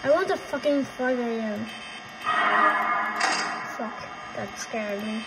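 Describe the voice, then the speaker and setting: A woman's voice: a little high, takes it slowly, heavy background noise. A young woman playing a horror game and commenting, swearing a lot and sounding jumpy and frightened. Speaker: gamer.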